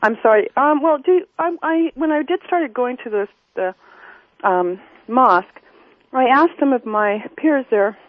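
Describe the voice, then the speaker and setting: A woman's voice: high voice, lively intonation, measured pace. Hesitant woman caller on a phone line. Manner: rambling, hesitant, many ums. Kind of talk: phone-in call.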